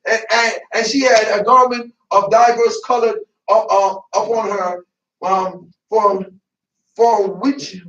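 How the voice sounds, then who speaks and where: A man preaching a sermon in a church, lively and colloquial, laughing and breaking into asides. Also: sits high. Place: church sanctuary. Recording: echoey church, mic at a distance.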